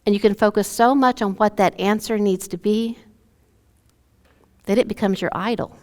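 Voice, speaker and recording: A woman's voice: medium pitch, fairly even intonation, moderate pace, darkish tone. A woman pastor preaching a sermon and telling a story, acting out the lines of both speakers. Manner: storytelling, acts out dialogue with her dad. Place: church sanctuary. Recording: long church hall reverb.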